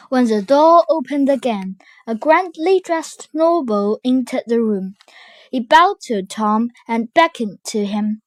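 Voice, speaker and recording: A woman reads a children's storybook aloud with slow, careful expression. Her voice sits somewhat high for a woman, and the recording is close and dry with no room sound. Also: animated, dry recording. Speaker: storybook reader.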